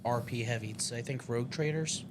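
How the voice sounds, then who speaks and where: A man co-hosting a casual podcast, explaining in a halting way with many restarts. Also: medium pitch, a little hiss or hum. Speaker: podcast co-host. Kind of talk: casual chat.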